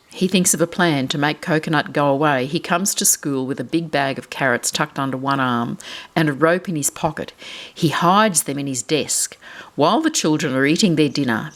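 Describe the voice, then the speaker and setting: A woman reading a picture book aloud to children, animated and asking them questions as she goes. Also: deep voice, moderate pace.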